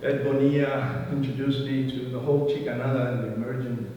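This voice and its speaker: A man's voice: medium pitch, level tone, a little fast, dark tone, slight background noise. A man from New York City giving a reflective speech to an audience, with dry humor. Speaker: photographer and speaker at a celebration. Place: large church hall. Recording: roomy church hall from far off, dull.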